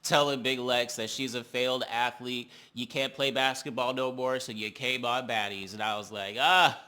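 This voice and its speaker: A man hosting a reality TV recap, talking in a sassy, animated, slangy way. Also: medium pitch, normal speed, smooth. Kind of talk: casual commentary.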